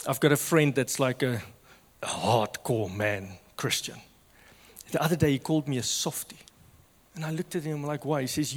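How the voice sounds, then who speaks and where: A man preaching a sermon with passion, swinging from loud to hushed. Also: mid-range voice, in a large hall.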